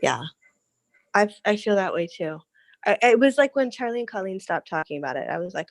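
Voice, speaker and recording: A woman in her thirties in casual conversation, chatty and animated, laughing often and restarting her sentences. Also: medium pitch, fairly quick, dry recording. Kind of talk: casual chat.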